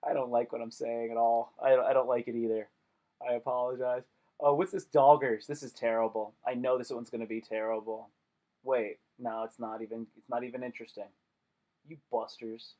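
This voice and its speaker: A man's voice: mid-range voice, level tone, brisk, warm tone, lo-fi sound. A young man chatting casually on a live stream, joking and rambling with lots of slang.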